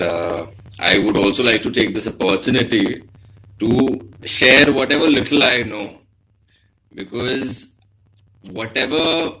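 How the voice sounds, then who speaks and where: A man, a practising lawyer, giving an earnest, measured talk to law students over a video call and addressing the audience directly. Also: lowish voice, bright, forceful tone, poor audio. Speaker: guest speaker, litigating lawyer.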